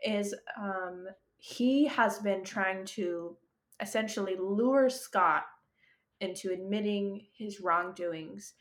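A woman's voice: mid-range voice, slow pace. A woman co-hosting a podcast in casual book chat. She gushes and leans on fillers. Her voice sits in a middle register. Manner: gushing, lots of "like". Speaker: podcast co-host.

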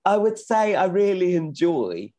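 A man's voice: high-pitched, sing-song, measured pace, mellow. A middle-aged man, an actor, chatting modestly as an interview guest, often correcting himself. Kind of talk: casual interview talk.

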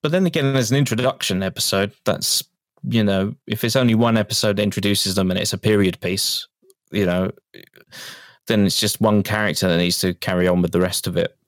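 Chatty low-voiced man. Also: a little fast, no echo, studio quality. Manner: animated, chatty, laughs often. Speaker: podcast co-host. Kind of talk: casual chat.

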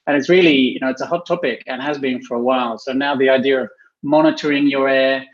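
A man's voice: medium pitch, steady tone, fast. A man talks from his home office over a video call. He speaks thoughtfully and restarts his sentences now and then. The audio sounds muffled. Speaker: panel guest, healthy workplace specialist. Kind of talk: casual panel talk.

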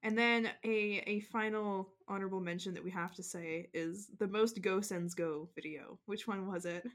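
A woman co-hosting a casual sports podcast, talking in a chatty way with lots of "like" and quick "mm-hmm" backchannels. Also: medium pitch, steady tone. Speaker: podcast co-host.

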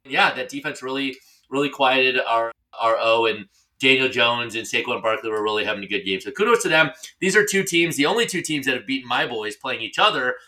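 A man's voice: mid-range voice, expressive, brisk, sharp tone. A man co-hosting a podcast in casual chat, joking and ranting. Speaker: podcast co-host.

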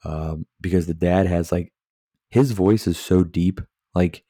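Sipping a beer as he goes, a man hosts a podcast and rambles casually about movies, full of filler words and curses. His voice sits low with a dark tone and fairly even intonation at a measured pace, recorded dry with clean studio sound.

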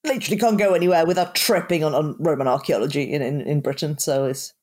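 Woman, Italian accent, podcast co-host, dry humor, low-pitched, quick bursts with hesitations. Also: darkish tone. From Italy. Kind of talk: casual chat.

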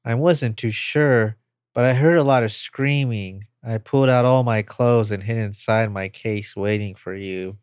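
Slow-talking joking podcast co-host man. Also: on the low side, darkish tone, clear, resonant tone, no echo, clean studio sound. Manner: joking, self-deprecating. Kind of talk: casual table read and banter.

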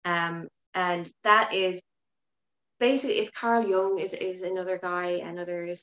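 A woman talking as a podcast guest in casual interview chat, frank and lively, swearing now and then. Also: fairly low pitch, measured pace, roomy sound, lo-fi sound. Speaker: podcast guest, yoga teacher.

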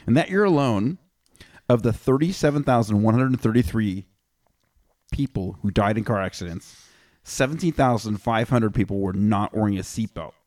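A man with a low voice hosts a loose podcast chat. He reads figures aloud and breaks them up with crude asides. His mic sounds dry and close. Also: lively intonation, moderate pace, darkish tone, dry recording. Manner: reads statistics with offhand jokes. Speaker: podcast host.

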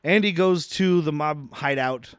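A man's voice: fairly high pitch, a little slow, a bit bright, clear, resonant tone, no echo, clean studio sound. A man co-hosting a podcast, casually recapping a movie, laughing often and acting out quotes in silly voices. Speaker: podcast co-host.

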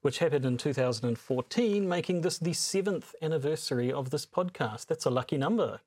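A man hosts a podcast in easy, casual conversation, with a slightly husky voice pitched a little above the average. He teases his co-host with dry, deadpan humor. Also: brisk, faint music behind. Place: recording together in Auckland, New Zealand.

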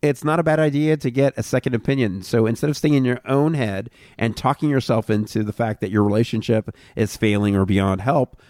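A man's voice: mid-range voice, brisk, hardly any pauses, darkish tone, no echo, clean studio sound. A man hosting a casual podcast, joking and swearing, often breaking into laughter while giving advice. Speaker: podcast host. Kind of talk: casual chat. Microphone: podcast studio mic.

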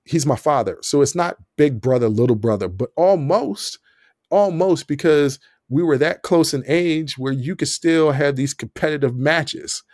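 A young podcast host tells a story in a relaxed, animated manner, laughing a lot and acting out what people said. His voice sits on the higher side at a normal pace. The studio-quality recording has no echo.

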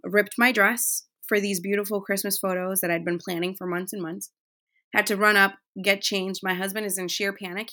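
A woman's voice: medium pitch, sharp tone. A woman in her thirties hosting a casual, heartfelt monologue, chatty with many fillers. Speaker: podcast host.

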